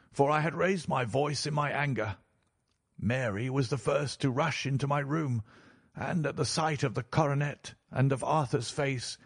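A man narrating a story in a measured, formal way, as an audiobook reader. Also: mid-range voice, gravelly, husky, no room sound, clean studio sound. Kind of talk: scripted narration.

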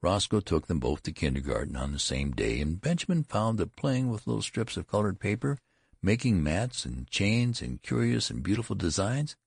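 A man narrates an audiobook in a slow, deliberate storytelling manner. His voice sits extremely low and carries a gravelly, husky texture, with a lively rise and fall. The recording is close and dry. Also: no room sound.

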